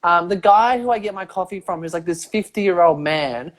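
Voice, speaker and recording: A woman's voice: fairly low pitch, moderate pace. A woman hosting a podcast, asking loose, chatty questions full of fillers. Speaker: podcast host. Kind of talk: casual interview.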